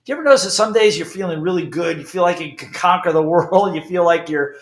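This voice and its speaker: Middle-aged guy giving a pep talk, punchy and animated, keeps asking okay?, slightly high voice, echoey room. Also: fast. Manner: emphatic, animated, frequent "okay?" checks. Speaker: speaker. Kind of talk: motivational talk.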